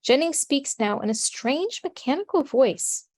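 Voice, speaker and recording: A woman narrating the stage directions of a script in a steady, matter-of-fact way. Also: sits high, a little slow.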